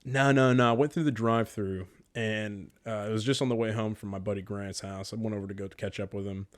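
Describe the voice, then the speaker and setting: A man's voice: fairly low pitch, fairly quick, dry recording. A young man chatting on a podcast, telling a story with lots of swearing and acting out what other people said. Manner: animated storyteller, swears freely, acts out quoted people. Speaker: podcast co-host. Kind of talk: casual chat.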